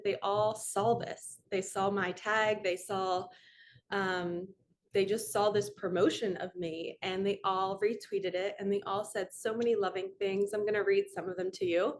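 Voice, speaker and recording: A woman's voice: medium pitch, fairly even intonation, normal speed, slight background noise. A woman in her forties, a manifestation coach, telling a personal story in a candid, emotional, rambling way.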